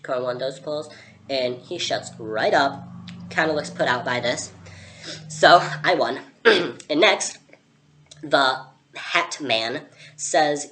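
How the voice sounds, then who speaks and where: A young woman with a very deep voice recounts her adventure in a chatty, sarcastic way. She fills her talk with casual asides. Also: measured pace, long pauses, a bit bright, slight background noise. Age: young adult. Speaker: vlogger playing Alice. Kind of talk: storytelling character vlog.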